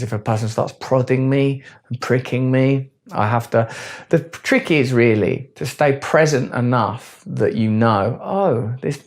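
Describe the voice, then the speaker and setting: Man, gravelly voice, rambling and earnest, philosophical self-help talk. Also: mid-range voice. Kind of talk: reflective monologue.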